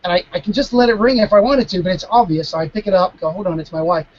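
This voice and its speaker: A man, a mentalist guest, chatting casually over a video call, animated and stopping to restart his sentences. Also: sits high, fast talker, lo-fi sound. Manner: animated, acting out dialogue, frequent restarts. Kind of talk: casual storytelling Q&A.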